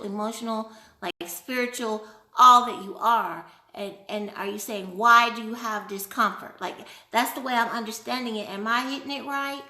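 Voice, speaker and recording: A woman hosting a casual live stream, playful and animated, laughing often while she answers viewer questions. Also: fairly high pitch, roomy sound. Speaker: livestream host.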